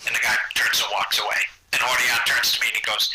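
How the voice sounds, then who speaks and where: A man telling anecdotes as a podcast guest in an animated way. He acts out other people's voices. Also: mid-range voice, fairly quick, few pauses. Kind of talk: anecdotal storytelling. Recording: loud background noise.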